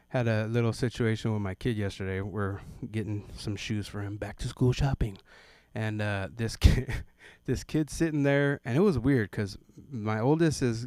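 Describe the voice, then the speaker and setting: A man in his thirties performs an open-mic stand-up set built on family stories, putting on quick voices for the characters. The recording is clean studio sound with no room noise, and his voice is lowish, a little mellow, clear, and resonant.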